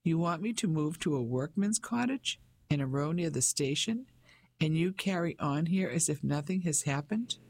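A cold, proud middle-aged wife who speaks in crisp, clipped, disbelieving phrases, as a man puts her on while reading the audiobook. The voice sits fairly high, with a gravelly fry at the ends of phrases. The recording is dry and close. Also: lively intonation, moderate pace, darkish tone, dry recording. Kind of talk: audiobook character voice.

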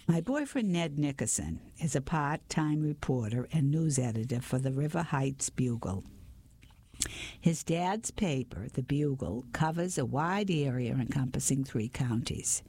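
A woman reading a story aloud in the first person, with an even, unhurried delivery. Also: a bass voice, husky. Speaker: audiobook narrator.

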